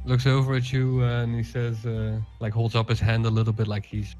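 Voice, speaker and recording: A man runs a tabletop game as game master, describing scenes in a relaxed, halting way full of fillers. His voice sits at an ordinary middle pitch, with faint music playing underneath. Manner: relaxed, hesitant narration with fillers.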